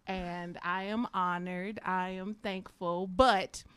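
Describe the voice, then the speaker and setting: Woman author guest, bright and smooth voice, heartfelt, halting with fillers. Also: fairly low pitch, fairly even intonation. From United States. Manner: heartfelt, many fillers, fighting back tears. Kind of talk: emotional radio interview.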